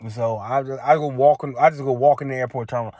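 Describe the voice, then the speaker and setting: A man's voice: mid-range voice, fairly even intonation, quick pace, warm tone, no room sound. A young man telling a story in a casual, exasperated way, repeating himself for emphasis. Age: young adult. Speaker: vlogger.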